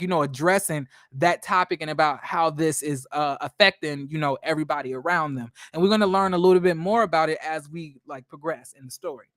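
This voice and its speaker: A man's voice: on the high side, no echo. Guy ranting thru a tv recap, lotta cussing, dry close sound. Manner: animated, swears a lot, addresses viewers as y'all. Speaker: show reviewer. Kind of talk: casual profane recap.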